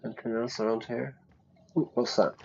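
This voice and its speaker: A man casually commenting while playing a game, chatty and playful, thinking out loud. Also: medium pitch, steady tone, a little fast, creaky, lo-fi sound, slight background noise. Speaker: teacher playing a game for learners.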